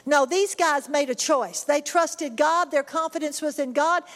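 A middle-aged woman preaching a sermon, emphatic and repetitive, sometimes crying out high. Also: measured pace, hardly any pauses, a bit bright. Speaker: pastor. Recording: long hall reverb.

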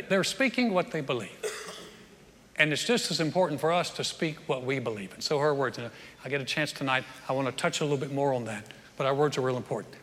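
In a reverberant hall, a pastor preaches with a pushed, bright voice that sits on the high side. He keeps the sermon folksy, joking, and conversational, occasionally acting out what people say.

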